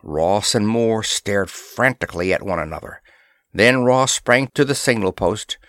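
A man narrating a pulp science fiction story in a steady, measured way. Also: fairly low pitch, dry recording, studio quality.

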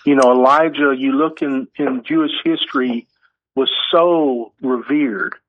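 A man, an author, is interviewed in conversation, speaking earnestly and telling stories while acting out quotes. His mid-range voice is steady in tone and a little slow. The audio is tinny, like a phone line.

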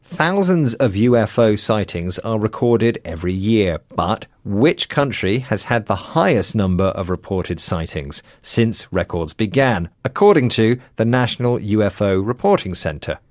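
A man hosting a scripted educational radio programme, speaking in a clear, measured, teacherly way. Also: lowish voice, sing-song, darkish tone, dry recording. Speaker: host. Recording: dry studio sound.

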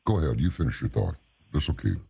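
A man's voice: rumbling low, expressive, fast talker, vocal fry, mellow, breathy edge. A man hosting an interview, speaking in a blunt, emphatic way. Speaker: host. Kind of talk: casual interview talk.

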